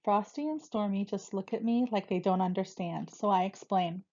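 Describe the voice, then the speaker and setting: A woman's voice: mid-range voice, normal speed, hardly any pauses, a little mellow. Woman reading a novel aloud, lo-fi. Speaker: reader. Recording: dull lo-fi recording.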